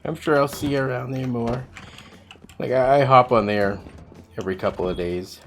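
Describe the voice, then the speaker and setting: A man's voice: medium pitch, steady tone, moderate pace, faint music behind. A man streaming a game, chatting casually with viewers while he plays, rambling and swearing freely. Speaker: livestreamer.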